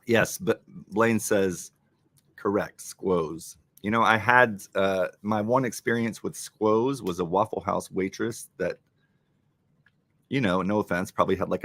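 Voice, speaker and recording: A man hosting a casual live stream, joking and thanking viewers in an animated way. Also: low voice, no echo. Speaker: livestream host. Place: home in Rochester, New York.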